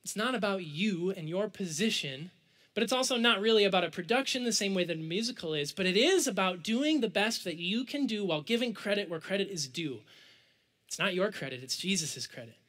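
A young man with a high voice delivers a sermon at a brisk pace, sharing a personal story that swings sharply between excited shouts and hushed, quiet asides.

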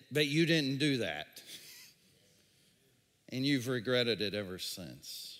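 A man's voice: medium pitch, expressive, takes it slowly, a bit bright, big-room sound. A man preaching a sermon as pastor, repeating words and throwing questions at the congregation. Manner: repetitive, stammering, questions to the crowd.

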